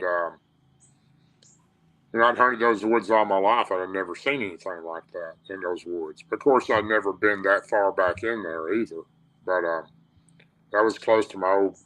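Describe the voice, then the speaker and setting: Radio guest: man, Tennessee drawl, bright, tense voice, plain-spoken storyteller who restarts his sentences. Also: deep voice, rough recording. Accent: Southern US, Tennessee. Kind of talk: telling a personal encounter story.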